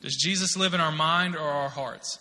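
Male preacher in his thirties, bright and forceful, casual testimony turning emphatic, heard in a reverberant church. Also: on the high side, moderate pace. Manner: conversational storytelling, rising to emphatic exhortation. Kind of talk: sermon with personal testimony. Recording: long hall reverb.

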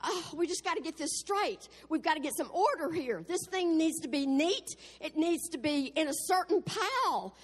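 A woman's voice: very high voice, expressive, moderate pace, hardly any pauses. A woman preacher voicing a fussy, controlling rooster who wants everything neat and in order, told as a sermon story. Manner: orderly, fretting, insistent. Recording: echoey hall.

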